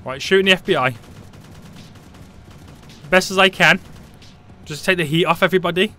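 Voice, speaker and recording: A man giving live gameplay commentary, panicky and excitable, often repeating short phrases. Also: high-pitched, normal speed, soft background music. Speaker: gaming YouTuber.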